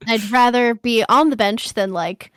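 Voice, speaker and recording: A woman's voice: on the high side, a little slow, clear, resonant tone, no room sound, clean studio sound. A woman playing in a tabletop role-playing game, chatting casually with a light, giggly manner. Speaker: player.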